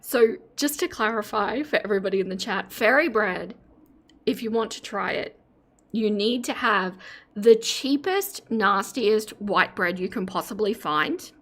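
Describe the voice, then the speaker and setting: A woman's voice: medium pitch, expressive, unhurried, a bit bright. An Australian woman in her forties, chatting casually with her live-stream audience and giggling often. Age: 40s. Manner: giggly, breaks into laughter often.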